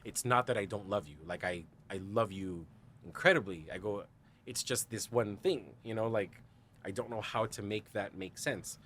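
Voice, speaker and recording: A man's voice: on the low side, normal speed, fairly bright tone, slight background noise. A man, a podcast guest, telling a candid personal story with lots of "like" and "you know", acting out the lines of the people in it and laughing often. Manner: quotes others in dialogue, frequent "like" and "you know".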